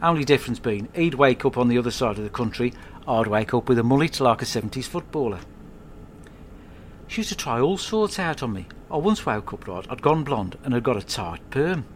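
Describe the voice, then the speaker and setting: A man rambles through a comic monologue at home, swearing and keeping a deadpan tone. His pitch sits in an ordinary middle range. Faint ambient noise lingers behind him. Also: a little fast. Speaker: podcast host.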